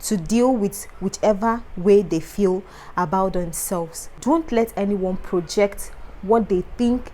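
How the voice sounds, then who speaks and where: A woman's voice: mid-range voice, slow pace, dark tone, low-quality recording. A young woman with a Nigerian accent, a foreign medical student speaking to camera and passionately repeating her key points of advice. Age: young adult.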